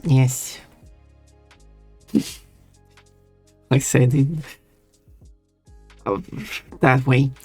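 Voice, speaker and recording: A man's voice: medium pitch, flat delivery, extremely slow, pauses often, husky, no room sound. A man chatting casually on a stream while reading chat, rambling and often restarting his words. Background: soft chill music.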